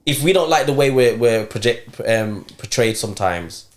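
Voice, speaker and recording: A young man with a Birmingham accent co-hosting a podcast, talking in a measured, reflective way in casual chat. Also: mid-range voice, lively intonation. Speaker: podcast co-host. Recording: echoey room.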